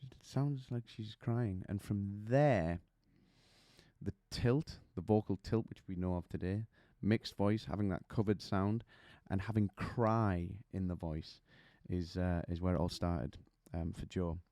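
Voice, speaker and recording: A man's voice: sits low, steady tone, unhurried, warm tone, no room sound, clean studio sound. A man teaching singing technique, chatty and explaining with demonstrations and little stories. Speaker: vocal coach. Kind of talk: singing lesson to camera.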